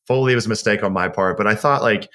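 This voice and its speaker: A man's voice: on the low side, quick pace, fairly bright tone. A man, a podcast guest, telling a personal story in a candid, rambling way, often restarting his sentences. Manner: candid, rambling, self-correcting. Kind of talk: casual storytelling.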